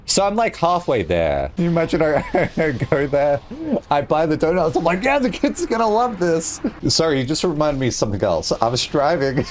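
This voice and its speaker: Animated young man telling stories. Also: mid-range voice, a little hiss or hum. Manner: rambling, animated storytelling with swearing and laughs. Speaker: streamer. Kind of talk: casual stream chat.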